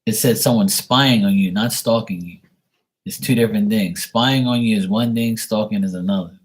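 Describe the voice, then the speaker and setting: A man's voice: lowish voice, normal speed, breathy edge. A man giving casual live tarot readings and teasing viewers as he answers them. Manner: teasing, talks back to chat. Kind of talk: casual livestream chat.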